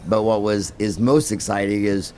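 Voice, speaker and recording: A man's voice: fairly low pitch, fairly even intonation, normal speed, dark tone, a little hiss or hum. A man hosting a casual interview, rambling and asking curious questions. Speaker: podcast host.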